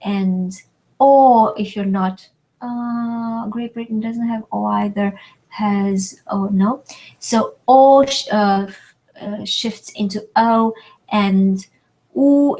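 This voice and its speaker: A woman whose first language is French, teaching in a webinar lesson, speaking slowly and deliberately and stretching her vowels to enunciate everything. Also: mid-range voice, fairly even intonation, darkish tone, rough recording. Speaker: French tutor.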